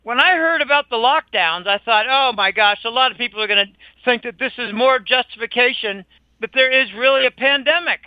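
A man's voice: extremely high pitch, a little fast, no echo. An older man speaking as an interview guest in an emphatic, indignant, scornful conversational monologue. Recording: dull lo-fi dry recording.

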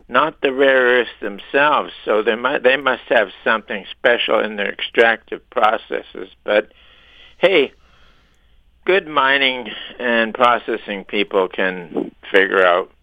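A man's voice: deep voice, dry recording, dull audio. A man giving opinionated, sometimes sarcastic commentary as a radio show guest. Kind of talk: casual radio talk.

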